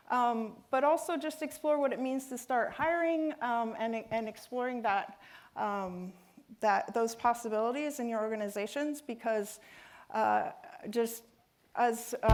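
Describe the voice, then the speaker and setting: A woman giving a conference talk and answering questions, speaking with frequent fillers and restarts. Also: on the high side. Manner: hesitant, many fillers and restarts.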